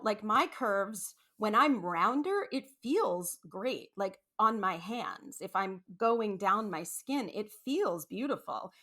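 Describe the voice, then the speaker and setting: A woman hosting a podcast, talking casually in a rambling, animated way with many asides and restarts. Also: mid-range voice. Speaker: podcast host. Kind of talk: casual solo podcast monologue.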